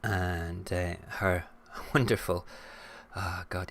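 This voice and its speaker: Scottish male stream host, lowish voice, casual, frank and ranty. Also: fairly even intonation, a little slow, a bit bright. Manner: frank and ranty, swears freely. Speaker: host of a live-streamed morning show. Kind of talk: casual live-stream chat and rant.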